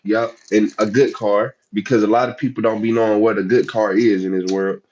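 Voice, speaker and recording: A man's voice: fairly low pitch, little pitch movement, fairly quick, darkish tone, slightly rough, lo-fi sound. A man with a Southern US accent who grew up in the United States, talking casually and chattily to his chat as a livestream host. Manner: chatty, laid-back, talks straight to chat.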